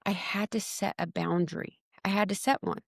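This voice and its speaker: A woman, a podcast guest, tells a personal story in an emotional, animated way. She acts out her own quoted words and often repeats or restarts them. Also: medium pitch, moderate pace, gravelly, no echo, studio quality.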